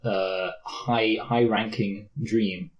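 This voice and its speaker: Rambling Mancunian man, low voice. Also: fairly even intonation, extremely slow, dull audio. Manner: rambling, self-mocking, slips into silly put-on voices. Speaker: podcast co-host. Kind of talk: casual movie review chat.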